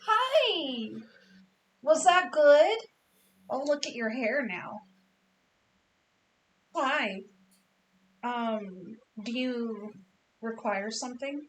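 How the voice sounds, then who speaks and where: A woman's voice: high-pitched, lively intonation, extremely slow, long pauses, fairly bright tone, echoey room, slight background noise, poor audio. A woman hosting a knitting livestream, chatting with her dogs, laughing often. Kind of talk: casual chat with dogs and a guest.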